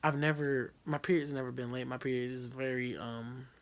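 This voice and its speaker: A man's voice: medium pitch, level tone, normal speed. Candid young man telling a rambling story. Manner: candid, profane, rambling with fillers. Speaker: vlogger. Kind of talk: casual storytelling.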